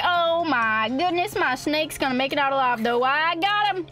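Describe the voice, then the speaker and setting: A woman's voice: high voice, animated, a little slow, hardly any pauses, a bit bright. A young woman streaming a game, reading its text aloud and chatting in a hammy, folksy put-on cowboy drawl. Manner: reads game text aloud, laughs often. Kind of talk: playful let's-play commentary. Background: faint game music.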